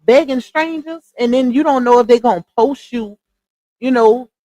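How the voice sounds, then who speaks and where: Woman on a livestream chatting to her viewers, kinda high voice, dry close sound. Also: normal speed, dark tone, no room sound. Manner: chatty, talks straight to viewers; laughs often while talking. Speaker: livestream host. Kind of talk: casual livestream commentary.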